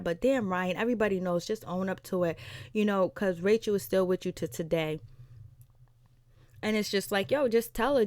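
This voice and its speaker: A woman's voice: medium pitch, darkish tone, no echo, clean studio sound. Chatty woman recapping a reality show. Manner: chatty, retells scenes with quoted voices, laughs. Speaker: TV recap vlogger. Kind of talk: casual episode recap.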